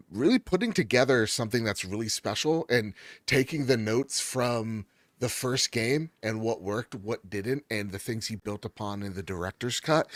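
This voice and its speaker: A man's voice: medium pitch, no room sound. A man co-hosting a gaming show in casual chat, enthusiastic and jokey, rambling as he raves about games. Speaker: gaming podcast co-host.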